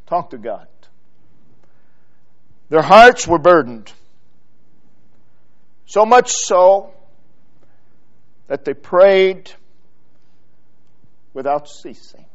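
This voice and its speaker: A man preaching a sermon in a church, building from quiet, drawn-out phrases to loud, emphatic repetition. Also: on the high side, very animated, dull audio.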